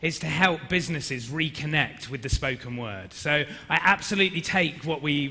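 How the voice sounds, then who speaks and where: A British man with a bright, forward voice fields questions at a business forum. He talks openly and often restarts his sentences. The sound carries a long hall reverb. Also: fairly high pitch. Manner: warm, candid, with frequent self-restarts. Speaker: former actor, now speaker and coach. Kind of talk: answering audience questions on stage.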